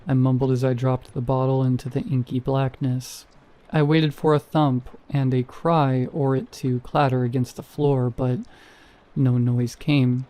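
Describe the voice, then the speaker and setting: Mellow-voiced man narrating horror. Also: mid-range voice. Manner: measured and steady storytelling. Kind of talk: scripted first-person horror narration.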